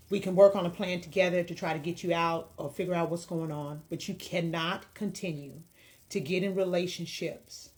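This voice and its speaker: A woman hosting a commentary video who offers counseling, talking to viewers in a blunt, impassioned, lecturing way. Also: fairly low pitch. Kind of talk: direct-to-camera commentary.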